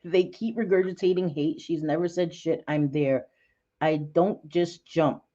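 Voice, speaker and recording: A woman hosting a casual livestream chat, talking bluntly and excitably, cursing and laughing often. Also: low-pitched, a little slow, dull audio. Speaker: livestream host.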